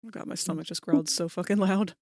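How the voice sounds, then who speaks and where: A woman hosting a casual stream chat while working, blunt and quick to laugh. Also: on the low side, fairly even intonation, dark tone, dry recording, clean studio sound. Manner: blunt, swears, laughs easily.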